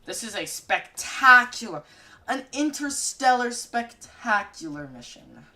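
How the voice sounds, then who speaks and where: A woman giving casual gaming commentary, excitable, jokey and swearing a lot. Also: fairly high pitch, a little slow. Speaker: gaming video creator.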